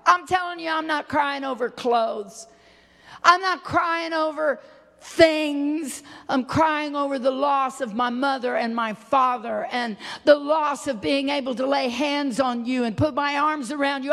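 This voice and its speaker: A middle-aged woman preaching a sermon, swinging from loud impassioned cries to hushed, low, tearful tones. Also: a little slow, vocal fry, big-room sound. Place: church sanctuary.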